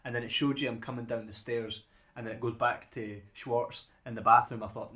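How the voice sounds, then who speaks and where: A man's voice: medium pitch, fairly even intonation, brisk, fairly bright tone. A man co-hosting a podcast in casual chat, often repeating words as he starts a sentence. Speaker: podcast co-host.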